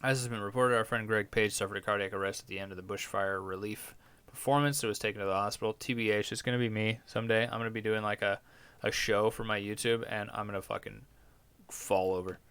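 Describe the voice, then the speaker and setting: A man's voice: on the low side, fairly even intonation, fast, fairly bright tone, smooth, dry recording. A young man hosting a podcast, reading news stories aloud and reacting with crude, irreverent jokes. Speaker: podcast host.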